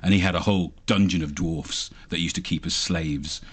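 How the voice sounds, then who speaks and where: A man who is an actor and voice actor, chatting quickly and easily in an interview and laughing often. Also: sits low, fairly even intonation, slightly rough. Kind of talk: casual interview chat.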